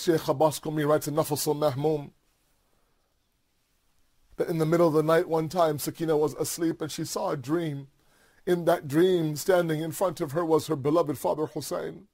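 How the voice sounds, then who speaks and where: A man's voice: a little high, gravelly, darkish tone, dry recording. A man delivering a mourning sermon, narrating with impassioned, repetitive emphasis. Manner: impassioned, repetitive, builds to fervent cries. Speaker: preacher.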